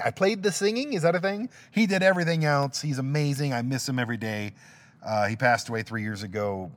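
A middle-aged man hosting his own podcast alone, rambling casually and cracking self-deprecating jokes. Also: medium pitch. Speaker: podcast host. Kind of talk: casual solo podcast monologue.

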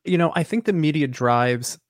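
A man talking in a relaxed, opinionated way during a casual podcast conversation. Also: on the high side, normal speed, dry recording, clean studio sound.

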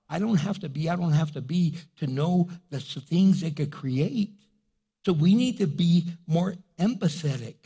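Middle-aged male pastor, slightly high husky voice, earnest conversational sermon delivery. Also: dark tone. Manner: earnest, conversational preaching with acted-out quotes.

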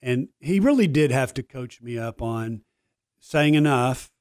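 A man's voice: mid-range voice, expressive, unhurried, a little mellow, smooth, no echo, studio quality. Older man telling stories. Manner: storytelling, humble and self-deprecating. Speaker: guest, former player and broadcaster. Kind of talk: casual studio interview. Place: radio studio.

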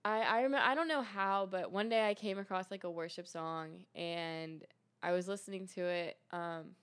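Young woman, lowish smooth voice, earnest, casual testimony, lots of fillers. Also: steady tone, normal speed, fairly bright tone. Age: young adult. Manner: earnest, many fillers and restarts. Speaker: guest sharing testimony. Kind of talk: casual faith testimony chat.

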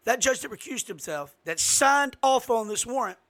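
A man giving an impassioned political monologue as host, emphatic and given to sudden loud outbursts. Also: very high voice, animated, moderate pace.

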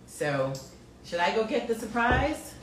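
Playful mom host, lively voice, set back from the mic in a roomy room. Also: female voice, on the high side, measured pace, distant mic, background noise. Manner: giggly and playful, apologetic. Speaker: podcast co-host, mother. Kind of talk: casual chat. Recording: roomy, off-mic with faint ambience.

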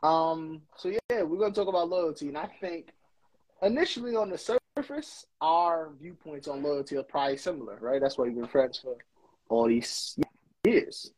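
An easygoing man talking on a podcast, his voice slightly high and husky. He is thoughtful and steers the conversation. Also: normal speed, darkish tone, rough recording. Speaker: podcast co-host. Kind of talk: casual chat.

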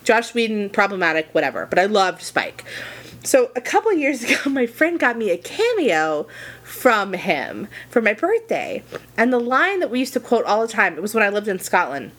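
A woman's voice: medium pitch, very animated, normal speed, a bit bright. A woman co-hosting a podcast in casual chat, gushing and rambling as she tells a story. She restarts her sentences often while she talks. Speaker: podcast co-host.

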